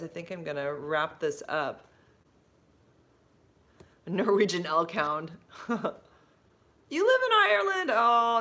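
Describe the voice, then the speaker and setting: A middle-aged woman hosts a casual livestream, answering viewer comments in a chatty, rambling way with lots of fillers and restarts. Her voice is fairly low, gravelly, and a bit bright.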